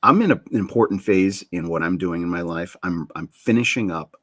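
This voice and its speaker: A man's voice: low voice, fairly quick, fairly bright tone, dry recording. A middle-aged man hosting a casual chat show, rambling and interrupting himself, often laughing at himself. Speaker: show host.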